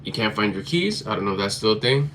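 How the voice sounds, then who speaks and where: Blunt, profane man with a lowish voice. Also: expressive, quick pace, a bit bright, a little hiss or hum. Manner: blunt, profane and emphatic, repeating points. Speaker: motivational vlogger. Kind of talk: motivational talk to camera.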